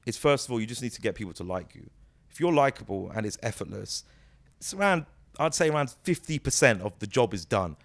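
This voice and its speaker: A British man in his thirties, a comedy actor, chatting as an interview guest in an animated, storytelling way. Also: medium pitch, a little fast, gravelly. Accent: British English. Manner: animated, storytelling, many "you know"s. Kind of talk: casual interview chat.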